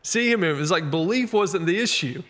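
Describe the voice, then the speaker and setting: A man co-hosting a church talk show, chatting casually about faith and telling jokes with lively acted-out voices. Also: high-pitched, moderate pace. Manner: animated storyteller, acts out voices in jokes. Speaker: podcast co-host.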